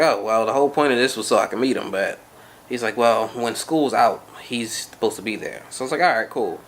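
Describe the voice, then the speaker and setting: A man's voice: fairly low pitch, fairly bright tone, a little hiss or hum. A young man vlogging, telling a personal story in a casual, conversational way and acting out the lines of the people in it. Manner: conversational, many fillers, acts out quoted lines. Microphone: camera-mounted shotgun mic.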